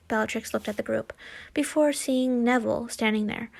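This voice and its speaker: A woman's voice: on the high side, fairly even intonation, vocal fry. A woman reading a fan fiction story aloud, stumbling and restarting often. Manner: halting, frequent slips and restarts. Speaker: fanfiction reader.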